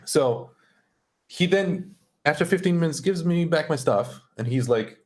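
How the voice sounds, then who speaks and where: A man's voice: on the high side, expressive, measured pace. Young man telling a story casually. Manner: loose, profane and exasperated. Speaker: streamer.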